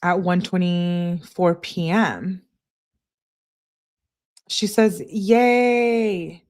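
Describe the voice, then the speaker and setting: A woman's voice: fairly low pitch, a little slow. A woman hosting a true crime channel, reading text messages aloud in a plain way and spelling out abbreviations letter by letter.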